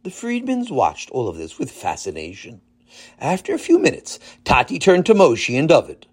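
A storyteller reading a children's story aloud with a lively delivery. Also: mid-range voice, normal speed, slightly rough. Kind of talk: children's story narration with character voices.

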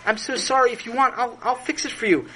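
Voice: medium pitch, quick pace, sharp tone, a little hiss or hum, voice pushed up, lightly acted, low-quality recording. A storyteller voicing Sammy, a clumsy, well-meaning boy who apologizes eagerly. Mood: apologetic. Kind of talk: storytelling with character voices.

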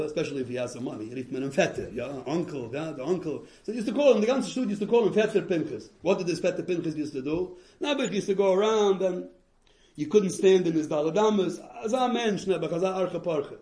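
A man speaking as a rabbi, telling a story to a group of parents with lively, animated delivery. His voice sits a little high. He peppers his English with Yiddish and Hebrew phrases, and the sound comes through in an echoey room. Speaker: rabbi giving encouragement to parents. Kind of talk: Yiddish-laced storytelling talk.

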